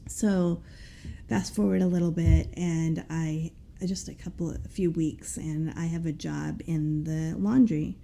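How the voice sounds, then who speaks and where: Earnest woman with a gravelly, low voice. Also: fairly even intonation, measured pace, mellow. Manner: earnest, rambling with many fillers. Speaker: guest. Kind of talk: personal storytelling in an interview.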